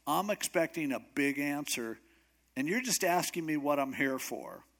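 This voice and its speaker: A man's voice: fairly high pitch, lively intonation, moderate pace, a bit bright. A man voicing the prophet Elijah as an exasperated, fed-up complainer in a sermon retelling.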